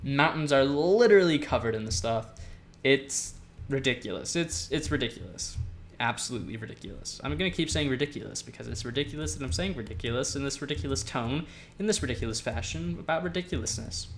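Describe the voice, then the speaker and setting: A man's voice: mid-range voice, animated, quick pace, slight background noise. A man hosting a gameplay video, chatting casually with rambling, self-mocking jokes.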